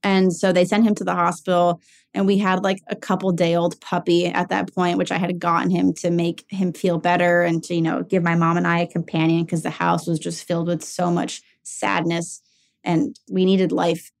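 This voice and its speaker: Low, gravelly young woman recounting candidly. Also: little pitch movement, normal speed. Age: 20s. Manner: candid, filler-heavy with frequent "like". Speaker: caregiver sharing her story. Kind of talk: personal storytelling.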